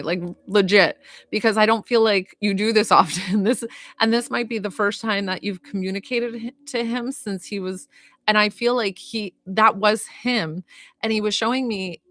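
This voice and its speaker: A young woman from Georgia with a medium-pitched, fairly bright voice chats on a phone livestream as a psychic medium. Her casual chat and readings are gushing and reassuring, rambling along with plenty of fillers.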